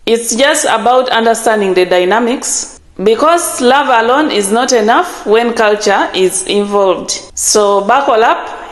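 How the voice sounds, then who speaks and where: Woman, channel host, slow measured delivery, slightly high voice, echoey room. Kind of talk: reaction video intro.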